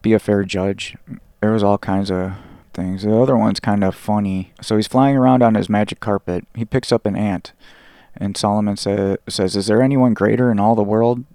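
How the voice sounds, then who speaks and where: A man talks through his podcast in a loose, rambling way, stacking fillers as he goes and reading passages aloud. His voice sits low with a gravelly rasp. The sound is dry and close, with no room around it. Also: dark tone, dry recording. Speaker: podcast host. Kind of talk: casual podcast commentary.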